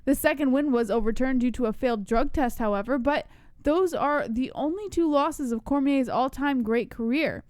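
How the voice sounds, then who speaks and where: A woman's voice: high-pitched, moderate pace, a little mellow, no room sound. A woman co-hosting a news show, reluctant and dryly amused, reading headlines. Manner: dry, reluctant, giggly. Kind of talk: casual chat and news reading.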